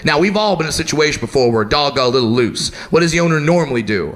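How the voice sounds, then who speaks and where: A man doing stand-up, telling a story loudly and excitably and shouting his punchlines. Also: mid-range voice, quick pace, hardly any pauses. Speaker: stand-up comedian. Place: comedy stage before a live audience.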